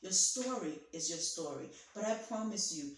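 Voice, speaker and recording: A woman's voice: lowish voice, expressive, normal speed, recorded from a distance, a little hiss or hum. Theatrical preaching woman in an echoey room. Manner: theatrical, acts out voices; repetitive, emphatic exhortations. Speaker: physician and pastor giving a motivational talk. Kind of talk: preacher-like motivational speech.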